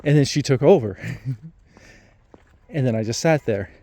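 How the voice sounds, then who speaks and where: A man vlogging, telling a personal story in a reflective, hesitant way with many pauses and restarts. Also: mid-range voice, lively intonation, dark tone, no echo.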